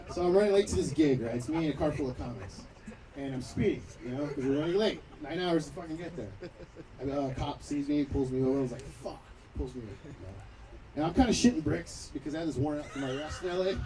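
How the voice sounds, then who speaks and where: High-voiced guy doing raunchy standup outside, mic kinda far off, crowd laughing behind. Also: fast. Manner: crude, loud storytelling with acted quotes. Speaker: stand-up comedian. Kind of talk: stand-up set. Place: outdoor backyard patio show. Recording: distant mic, crowd noise.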